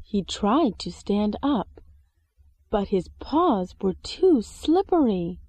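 A woman, an English teacher reading a storybook aloud with expressive sound words. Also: medium pitch, takes it slowly, husky, dry recording. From China. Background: soft music.

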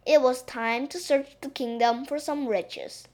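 A woman reading a children's story aloud, gentle and expressive. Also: sits high, unhurried.

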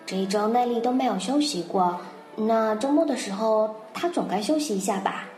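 Slow patient Mandarin-native woman teacher. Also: mid-range voice, darkish tone. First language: Mandarin Chinese. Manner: patient, explains and repeats words. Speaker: children's English story teacher. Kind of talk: bilingual storytelling lesson. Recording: roomy recording, faint music.

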